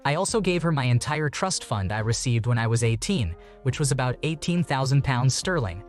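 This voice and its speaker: Man reading posts in steady narration. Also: medium pitch. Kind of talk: scripted narration.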